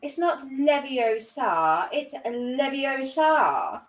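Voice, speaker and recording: A woman's voice: high-pitched, sing-song, very slow, distant mic, pitched above the performer's own voice, exaggerated voice. A woman voicing a haughty, fussy upper-class English lady with an affected drawl.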